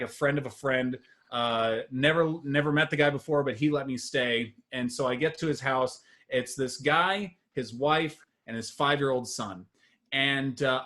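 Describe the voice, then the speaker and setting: A young man doing a stand-up set, telling long self-deprecating stories with lots of fillers, and jumping higher and louder at his punchlines. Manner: rambling, self-deprecating storytelling with many fillers; swings high and loud at punchlines, laughing at his own jokes. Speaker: stand-up comedian. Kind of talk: stand-up set on a live stream.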